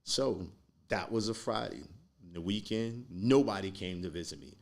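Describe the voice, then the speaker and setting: A man speaking as a podcast guest, telling a personal story in a slow, earnest way. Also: lowish voice, creaky.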